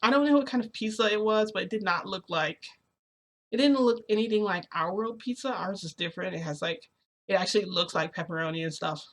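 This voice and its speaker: Woman vlogger, middle pitch, casual storyteller, chatty and filler-heavy, excitable. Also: a little fast. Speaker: vlogger recounting a reality shift.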